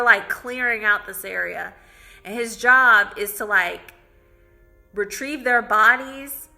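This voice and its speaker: Woman reviewer, very bright and sharp tone, slow relaxed chatty recap, faint music underneath. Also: on the high side. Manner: chatty storytelling with many "like"s. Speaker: movie reviewer. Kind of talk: casual spoken film recap.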